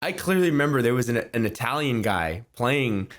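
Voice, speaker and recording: A man's voice: mid-range voice, a little fast, background noise. Inquisitive young male podcast co-host. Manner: inquisitive, animated storyteller. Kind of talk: casual chat.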